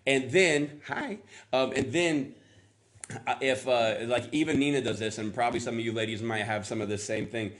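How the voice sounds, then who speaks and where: A man's voice: mid-range voice, fairly even intonation, normal speed. Chatty middle-aged male pastor. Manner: chatty, rambling, coaxes the congregation. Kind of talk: casual sermon.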